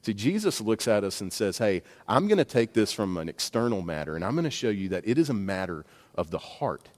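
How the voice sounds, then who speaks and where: A man's voice: on the low side, big pitch swings, fairly quick. A man preaching a sermon, speaking conversationally with bursts of emphasis and asides. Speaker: pastor. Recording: long reverb of a large hall.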